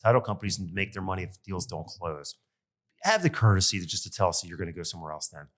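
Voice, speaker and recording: Lower-voiced guy ranting on his podcast, fed up, lots of ums and uhs. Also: fast talker. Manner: exasperated, animated venting with lots of fillers. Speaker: podcast host and loan officer. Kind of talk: casual solo podcast monologue.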